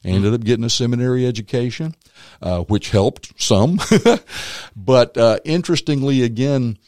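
A man, a former magician and comedian turned minister, tells his faith story as an interview guest, animated and acting out the voices of others. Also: medium pitch, normal speed, no echo, studio quality. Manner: animated storyteller who acts out quotes. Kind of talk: personal faith testimony in conversation.

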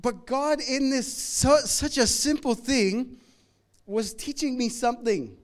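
A middle-aged man preaching a sermon in a conversational, humorous way, moving between loud emphatic lines and quiet asides. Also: extremely high pitch, slow pace. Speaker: pastor.

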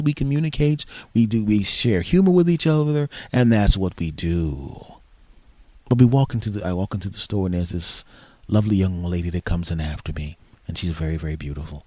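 Rambling man with a dark voice. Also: lowish voice, no room sound. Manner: rambling, self-deprecating, animated with frequent restarts. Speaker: podcast host. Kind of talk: casual storytelling monologue.

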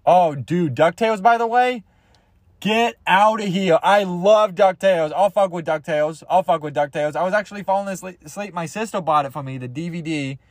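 A man's voice: a little high, fast, few pauses, dry recording, clean studio sound. A young man hosting a podcast, rambling through crude, goofy comedy bits and jumping into silly voices. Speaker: podcast host.

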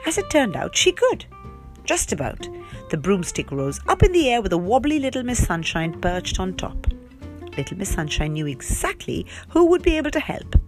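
A woman reading a children's storybook aloud in an animated, giggly, playful way. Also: fairly low pitch, moderate pace, soft background music. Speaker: reader.

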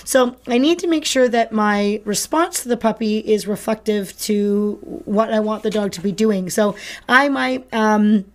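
A woman's voice: mid-range voice, a little slow. A woman co-hosting a live podcast, explaining training in an upbeat, practical way. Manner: explanatory, upbeat, acts out dog and owner voices. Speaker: dog trainer and co-host.

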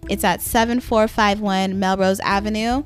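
A young woman hosting a casual podcast, raspy and getting over a cold, chatty and casually swearing as she talks to her listeners. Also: mid-range voice, steady tone, normal speed, faint music behind. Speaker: podcast host.

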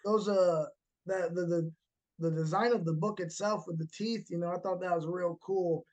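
A man hosting a casual horror podcast chat, animated and quick to act out scenes he describes. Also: high voice, muffled recording. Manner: animated, acts out movie moments with laughs. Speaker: podcast host.

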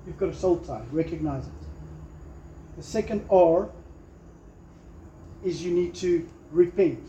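A pastor preaches a sermon emphatically, acting out short quotes and prayers. His voice is high with a dark tone, recorded in an echoey room with slightly dull sound and slight background noise.

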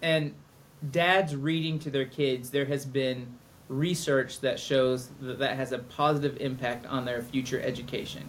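A man's voice: medium pitch, fairly even intonation, unhurried. Middle-aged guy cohosting a podcast, rambly and jokey, bit of background noise. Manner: joking, rambling. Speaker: podcast co-host. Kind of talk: casual chat.

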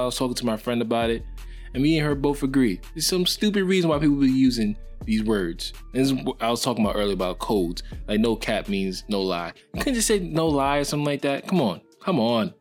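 A young man hosting a podcast, giving casual, joking sports opinions in a lively, rambling way. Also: mid-range voice. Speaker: podcast host.

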